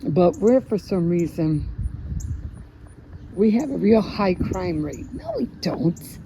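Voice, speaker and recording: A woman's voice: on the low side, animated, slow. A woman from the Chicago area vlogging casually on a walk with her dog, rambling and searching for words with lots of fillers. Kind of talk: casual vlog chat while walking. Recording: noisy outdoor phone recording.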